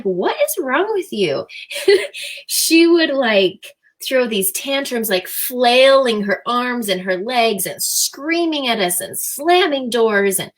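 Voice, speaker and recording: Chatty, animated woman in her thirties. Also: high voice. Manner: animated, chatty storyteller with many fillers. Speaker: interview guest. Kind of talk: casual interview chat.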